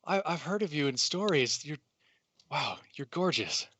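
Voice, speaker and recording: A man's voice: on the high side, animated, moderate pace, a bit bright, a little hiss or hum. A man voicing a grateful young village boy who stammers in awe. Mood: awed. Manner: awed, stammering gratitude.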